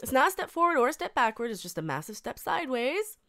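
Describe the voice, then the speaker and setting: A woman in her thirties with a fairly high, smooth, resonant voice reads a news piece aloud and keeps cutting in with her own opinions. She is emphatic and blunt, swears freely, and often restarts a thought mid-sentence. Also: very animated, quick pace, fairly bright tone. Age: 30s. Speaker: reaction video host. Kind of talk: reading a news article aloud with ranting commentary.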